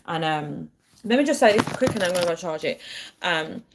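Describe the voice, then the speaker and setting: A woman with a slightly low voice chats casually to her viewers on a livestream from her phone. She talks in a loose, rambling way, keeps calling her audience guys and laughs often. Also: lively intonation, a little fast, noisy background. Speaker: livestream host.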